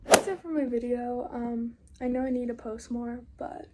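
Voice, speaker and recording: A woman's voice: on the high side, steady tone, measured pace, heavy background noise. A young woman vlogger telling a storytime to her camera, rambling casually with constant "like" and frequent swearing. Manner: rambling, heavy use of "like" and swearing.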